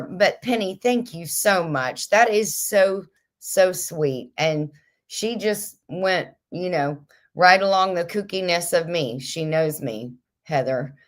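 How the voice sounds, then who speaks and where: A woman's voice: lowish voice, takes it slowly. A middle-aged woman hosting a casual livestream, reading viewer comments aloud in a chatty, kooky way, a little stuffy and headachy. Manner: chatty, kooky, laughs often. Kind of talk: casual chat.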